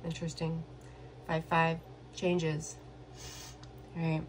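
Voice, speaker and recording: Slow, hesitant woman reading tarot. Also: sits low, completely flat delivery, a little hiss or hum. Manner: slow, hesitant, thinking aloud. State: emotional. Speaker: tarot reader. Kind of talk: casual solo tarot reading.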